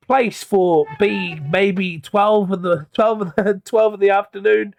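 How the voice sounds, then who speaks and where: A man's voice: sits high, steady tone, a little slow, gravelly, hardly any pauses, soft background music. A man narrating a tabletop game as game master, hesitant, with many ums and restarts.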